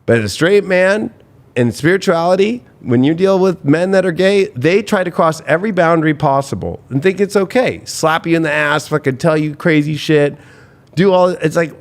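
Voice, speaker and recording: A man's voice: fairly high pitch, moderate pace. A man, a tarot reader, telling stories in a rambling, profane way on a casual podcast, full of restarts.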